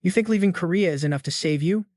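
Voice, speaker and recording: Cold ruthless young hero, as a narrator reads him. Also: male voice, sits high, fast talker, no echo, clean studio sound, close to an everyday voice. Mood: menacing. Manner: cold, menacing and flat.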